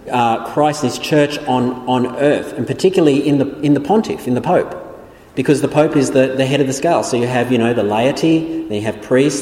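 A man's voice: mid-range voice, darkish tone. A man giving a theology lecture in an explanatory way, often restarting his sentences. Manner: explanatory, many restarts and fillers. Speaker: Bible teacher. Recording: echoey room with long reverb.

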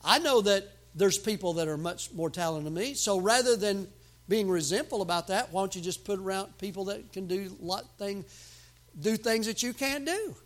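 A man preaching a sermon as pastor, emphatic, with sudden loud outbursts and folksy humor. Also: sits high, animated, normal speed.

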